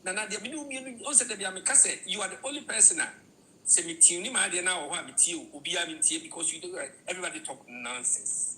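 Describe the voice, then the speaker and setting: A woman's voice: fairly low pitch, very fast, bright, forceful tone, a little hiss or hum, rough recording. A woman with a Ghanaian accent, switching between Twi and English in a heated, swearing opinion rant.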